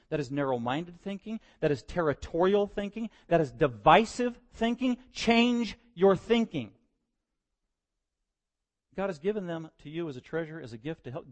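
A man's voice: on the high side, in a large hall. A male pastor preaching a sermon in a conversational style that rises to emphatic exhortation.

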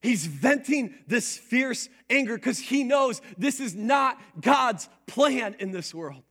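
Bright-voiced animated male preacher. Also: very high voice, takes it slowly. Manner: animated, playful preaching with call-and-response. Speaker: pastor. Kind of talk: sermon.

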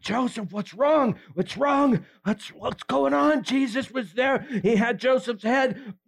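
A man's voice: a little high, lively intonation, takes it slowly, vocal fry, pitched above the performer's own voice, exaggerated voice. A man playing a chatty ancient stoneworker, a friend of Joseph, telling a story for children in a folksy, rambling way. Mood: alarmed. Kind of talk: dramatic character monologue for children.

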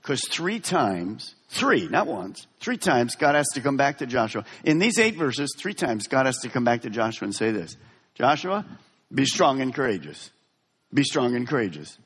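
A man preaching a sermon as pastor in a large church hall, dramatic, swinging from soft to loud. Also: a little high, husky. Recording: long reverb of a large hall.

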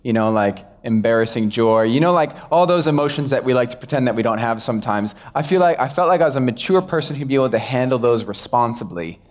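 A man's voice: mid-range voice, lively intonation, fast talker, few pauses. A young man, a pastor, giving a casual, self-deprecating sermon and acting out quoted exchanges. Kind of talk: conversational sermon.

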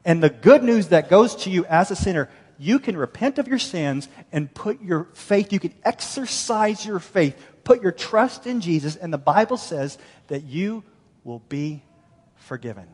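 A middle-aged man preaching a sermon as pastor, animated and storytelling, acting out the voices he quotes. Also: high voice, unhurried, breathy edge. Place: large church hall. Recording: long church-hall reverb.

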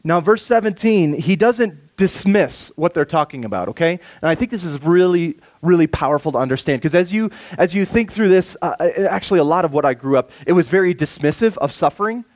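In this sermon, the preacher slows down and softens whenever he reads from scripture, then lifts his voice to stress a point. He is an adult pastor with kids, and his voice sits a little high.

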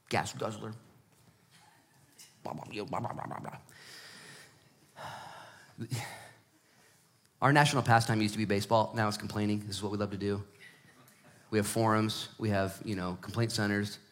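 A man in his thirties or forties preaching a sermon in a conversational, joking way, dropping to hushed emphasis and then rising to loud, excited stretches. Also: lowish voice, normal speed, pauses often. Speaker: pastor.

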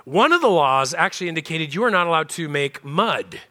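A man pastor delivers a sermon in a slightly raised, bright voice. He talks conversationally and with animation, breaking off into candid asides. His tone is more chat than pulpit oratory. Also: fairly high pitch, lively intonation, fairly quick.

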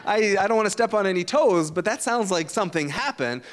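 Casting: male pastor, 30s, high clear voice, relaxed storytelling sermon. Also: a little fast. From Canada. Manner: storytelling, conversational with uh fillers.

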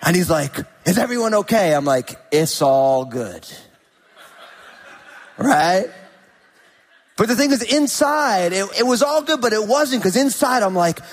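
A man preaching a sermon as a pastor, telling a story in an animated way and acting out the people in it. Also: high-pitched, a little slow, pauses often. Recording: hall reverb.

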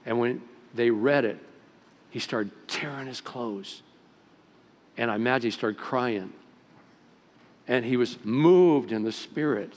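A pastor preaching a sermon, with sudden rises in loudness and pitch, in a church sanctuary. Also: male voice, a little slow, pauses often. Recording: long hall reverb.

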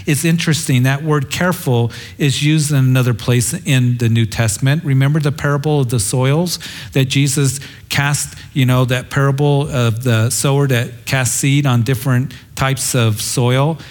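A man's voice: medium pitch, fairly even intonation, moderate pace. A middle-aged man preaching a sermon as a pastor, earnest and reflective, quoting scripture in a tender way.

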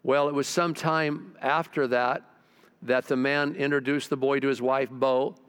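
An older man preaching a sermon as pastor, telling stories and asking the congregation questions, often dropping low and quiet for emphasis. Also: flat delivery, unhurried, clean tone.

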